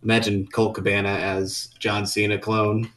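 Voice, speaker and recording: A man co-hosting a podcast in casual chat, hesitant and halting as he corrects details. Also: on the low side, level tone, a bit bright. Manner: hesitant, many fillers and restarts. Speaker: podcast co-host.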